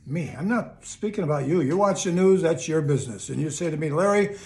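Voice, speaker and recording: A man's voice: fairly high pitch, expressive, a little fast, dark tone. An older man giving a casual, earnest, upbeat motivational talk to camera, often repeating his phrases. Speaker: motivational video host. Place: home in Chicago.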